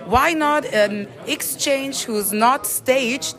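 A woman's voice: high voice, very slow, a bit bright, faint music behind. A woman from southern Germany with a German accent, a podcast host chatting with guests in a wine bar in simple, teasing non-native English. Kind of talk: casual street interview.

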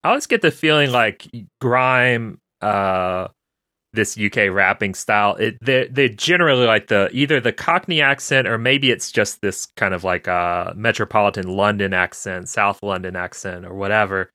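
Chatty American man with a bright tone. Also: fairly low pitch, moderate pace, dry recording, clean studio sound. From United States. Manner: chatty, musing with fillers. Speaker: podcast host. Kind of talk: casual podcast chat.

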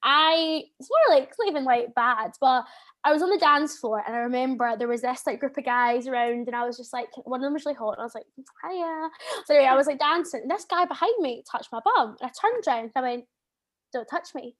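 A Scottish woman in her twenties, co-hosting and telling a story in a loud, animated way. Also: high voice, fast talker. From Scotland. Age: 20s. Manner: animated, loud bursts when acting out moments. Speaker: podcast co-host. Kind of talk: casual storytelling chat.

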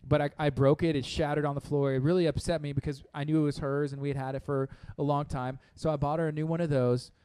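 A man's voice: on the high side, little pitch movement, quick pace, few pauses, dark tone, smooth, dry recording. A man in his thirties co-hosting a morning radio show, chatting casually and rambling with frequent laughs.

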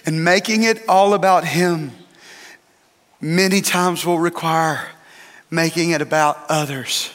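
Male pastor preaching, high bright tone, in a hall with long reverb. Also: fairly even intonation, slow. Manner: emphatic preaching with dramatic repetition. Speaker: lead pastor. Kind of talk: sermon.

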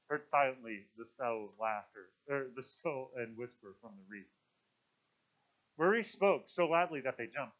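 A man's voice: medium pitch, fairly bright tone. A man reading a novel aloud to a class, with casual asides. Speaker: teacher. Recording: dull lo-fi recording.

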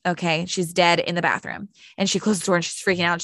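A woman's voice: fairly low pitch, fairly even intonation, a little fast, few pauses, fairly bright tone, no room sound, studio quality. A woman co-hosting a podcast, retelling a TV episode in casual chat and acting out the characters' lines, with lots of "like". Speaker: podcast co-host. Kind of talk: casual chat recapping a TV show.

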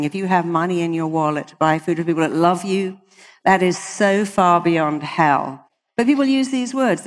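A woman's voice: fairly low pitch, normal speed, big-room sound. A British woman, a hypnotherapist, giving an emphatic motivational talk to an audience and quoting people in acted voices. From Britain. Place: large hall with an audience.

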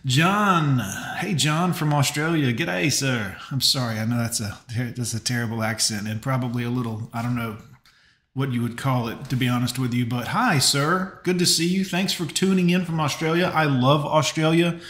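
A man talking casually on a live stream, greeting viewers by name and offering blunt, offhand advice. His voice sits at an ordinary middle pitch, and the room around him rings with a noticeable echo. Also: fairly quick, a bit bright. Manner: chatty, banters with chat viewers, blunt advice. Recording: roomy echo.

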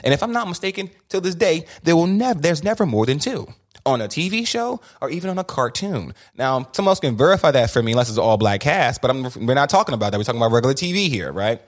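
A man chatting as a guest on a podcast, animated and opinionated, often restarting his sentences. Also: a little high, quick pace. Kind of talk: casual podcast conversation.

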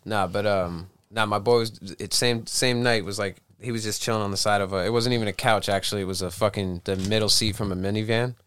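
A man chatting in a small shed studio, excitable and slangy, cheerfully swearing as he tells stories. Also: on the low side, brisk, few pauses, clear, resonant tone. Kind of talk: casual podcast chat.

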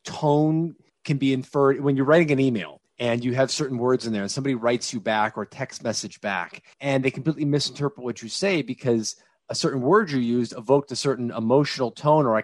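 A man who once taught communication, a guest in a conversational interview, explaining in an animated, lecturing way. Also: mid-range voice, no room sound. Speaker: guest, former communication teacher.

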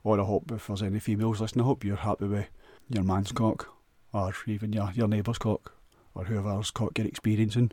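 A man's voice: fairly low pitch, little pitch movement, fairly quick, few pauses, warm tone, no echo. A man with a Scottish accent rambling crudely through a jokey solo monologue, often restarting and stumbling over words.

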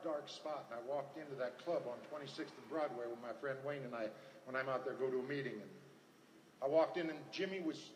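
A man's voice: a little high, slight background noise. An older man giving earnest personal testimony at a recovery meeting, telling stories and repeating his phrases. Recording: echoey hall, faint ambience.

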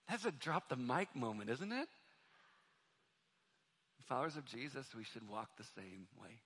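A male pastor preaching a sermon in a church, moving between loud, fervent stretches and soft, quiet appeals to the congregation. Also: mid-range voice, very animated, a little slow, long pauses, slightly rough. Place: church sanctuary.

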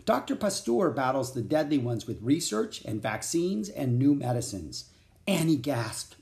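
A man narrating a children's chapter book aloud in clear, steady storytelling. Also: medium pitch, unhurried.

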